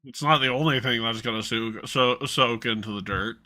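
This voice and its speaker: A man runs a tabletop game as game master, narrating casually, joking around, and laughing at his own bits. His voice is medium-pitched, pushed and bright, at a moderate pace.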